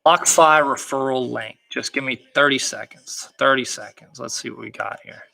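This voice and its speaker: A man's voice: mid-range voice, moderate pace, vocal fry, bright, forceful tone. Hyped man hosting a casual livestream. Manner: hyped, boastful, slangy. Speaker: livestream host reading viewer comments.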